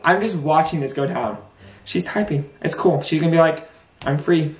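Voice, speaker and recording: A man's voice: on the high side, lively intonation, normal speed, echoey room, a little hiss or hum. A young man in his twenties filming a casual prank vlog, frantic and exasperated, saying bro and dude a lot. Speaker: vlogger.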